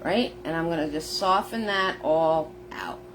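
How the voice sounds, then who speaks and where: A woman's voice: deep voice, a little slow, noisy background. A woman teaching a live painting lesson, narrating each step in a chatty way. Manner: chatty, step-by-step narration, greets viewers by name. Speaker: painting instructor. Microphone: phone.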